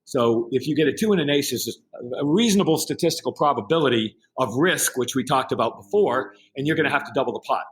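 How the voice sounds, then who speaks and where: Middle-aged man telling a lively anecdote. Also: medium pitch, fast talker, few pauses. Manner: animated anecdote-telling with quoted voices. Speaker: podcast guest. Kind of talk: casual storytelling.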